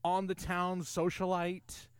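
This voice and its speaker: A man's voice: high-pitched, completely flat delivery, takes it slowly, clear, resonant tone, dry recording. A man co-hosting a podcast, enthusiastically recapping a film's plot and trivia in casual chat. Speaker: podcast co-host. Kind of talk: casual film discussion.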